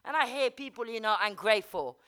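A woman's voice: on the high side, clear, resonant tone. A woman giving a blunt, candid personal recovery testimony, swearing freely and dropping many "you know"s. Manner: fast and energetic, rising and falling in loudness. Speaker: speaker sharing at a recovery meeting.

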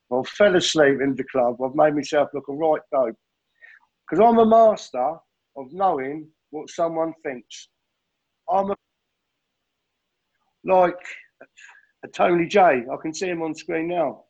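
A man's voice: a little high, measured pace, creaky, pauses often, a little mellow, highs cut off. A middle-aged man sharing his addiction recovery story in a rambling, blunt way, swearing and saying mate constantly.

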